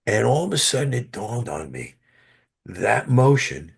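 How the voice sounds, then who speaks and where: A man guest, an actor, telling animated stories in an interview with frequent restarts, heard over a video call. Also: medium pitch, unhurried, creaky, breathy edge. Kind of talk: interview storytelling.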